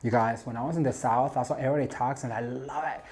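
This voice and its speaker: A man's voice: medium pitch, steady tone, fast, darkish tone, slightly rough, faint music behind. A man from Mexico hosting a home decor craft tutorial, chatty and gushing, calling his viewers "you guys" and "honey" as he works at his craft table at home.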